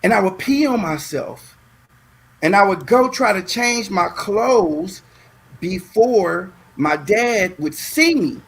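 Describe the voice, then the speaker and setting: A man from Southern California telling a long story in a casual chat, animated and repeating words as he goes. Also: sits high, slow, slightly rough. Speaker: guest.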